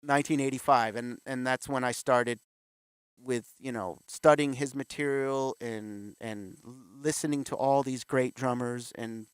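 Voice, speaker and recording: A man's voice: mid-range voice, fairly even intonation, measured pace, clear, resonant tone, no echo. A man in his fifties, a guest in an interview, telling his story candidly and acting out the voices of the people he quotes. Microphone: video call.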